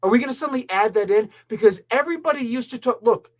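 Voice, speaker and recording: A man's voice: extremely high pitch, lively intonation, quick pace. A man from Canada hosting a casual review show, talking in an exasperated, rambling, emphatic way. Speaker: comic and pop culture reviewer.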